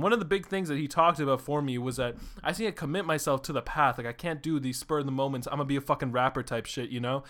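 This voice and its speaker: An excitable young man hosts his own podcast and races through his thoughts at high speed. He rambles from one idea to the next, swears freely and leans on "like" constantly. His voice sits at an ordinary middle pitch. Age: young adult. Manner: excitable, rambling, swears a lot, says "like" often. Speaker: podcast host. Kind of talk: casual solo podcast monologue.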